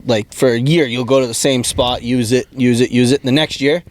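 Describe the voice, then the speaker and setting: A man's voice: mid-range voice, steady tone, brisk, a little hiss or hum. A man co-hosting a casual talk show, telling a story in a plain, matter-of-fact way. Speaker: podcast co-host. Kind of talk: casual chat.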